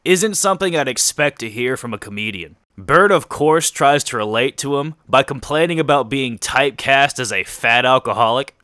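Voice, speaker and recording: A man reads a scripted commentary in a bright, forceful voice with a smooth, crisp tone. His delivery is pointed and critical. The recording is close and dry, with no room sound. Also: mid-range voice, expressive, normal speed, few pauses, dry recording. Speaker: commentary video narrator.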